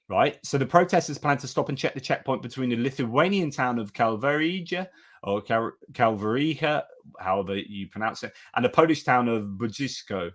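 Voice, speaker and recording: A man's voice: mid-range voice, fairly bright tone. Chatty man hosting war news. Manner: chatty, with restarts and asides. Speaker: host. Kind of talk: casual news commentary.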